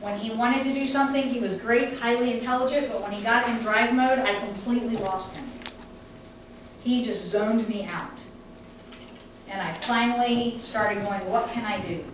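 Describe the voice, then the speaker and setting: A woman's voice: a little high, steady tone, normal speed. Woman, dog trainer, emphatic lecture, distant mic, faint background noise. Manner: conversational, emphatic, acts out owners' voices. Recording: echoey room from far off, faint noise.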